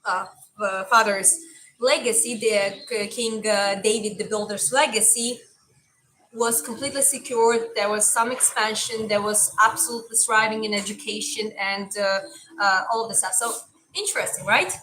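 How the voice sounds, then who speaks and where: Bright-voiced woman chatting on a livestream. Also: medium pitch, steady tone, normal speed, slight background noise, low-quality recording. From Georgia. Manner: chatty, rambling with many restarts. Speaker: livestream host reading chat. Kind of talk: casual livestream chat.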